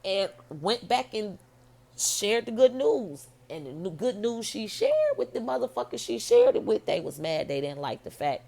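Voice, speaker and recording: A woman's voice: lowish voice, vocal fry, darkish tone. A woman vlogger telling a story in a casual, rambling monologue, blunt and full of swearing.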